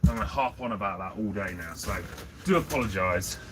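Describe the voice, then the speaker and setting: A man's voice: fairly low pitch, brisk, noisy background. A man chatting casually on a livestream from inside his food van, answering viewer comments as he works. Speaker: livestream host selling jacket potatoes.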